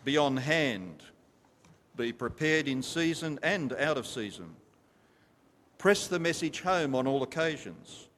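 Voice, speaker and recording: A man's voice: medium pitch, lively intonation, takes it slowly, a bit bright. A man preaching a sermon to a congregation, emphatic and repetitive, stopping to ask them questions. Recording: long reverb of a large hall.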